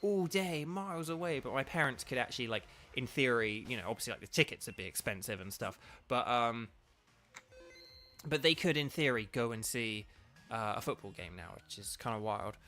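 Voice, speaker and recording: A man's voice: medium pitch, expressive, normal speed, pushed and bright, faint music behind. A man from England, chatting casually as he streams a game, rambling with lots of fillers and restarts. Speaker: streamer and voice actor. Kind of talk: casual let's-play commentary.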